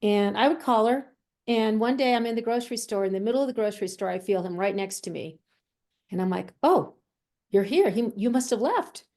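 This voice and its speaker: Warm-voiced woman medium telling stories. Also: medium pitch, a little fast. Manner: animated storyteller who acts out quoted voices. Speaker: medium and healer, interview guest. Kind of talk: conversational storytelling.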